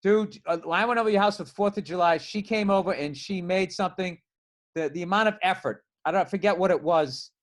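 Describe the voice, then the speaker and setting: A man telling stories in a casual podcast chat, profane and animated, with loud bursts. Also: sits high, fairly quick. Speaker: comedian guest.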